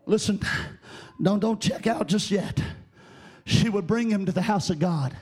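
High-voiced shouting male preacher. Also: moderate pace. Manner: sing-song, shouting cadence with frequent "uh" and "amen"; calls for congregation response. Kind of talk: sermon.

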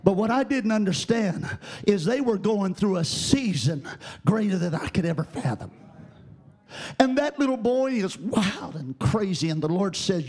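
High-voiced shouting male preacher. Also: big pitch swings, normal speed. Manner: sing-song, shouting cadence with frequent "uh" and "amen"; calls for congregation response. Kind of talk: sermon.

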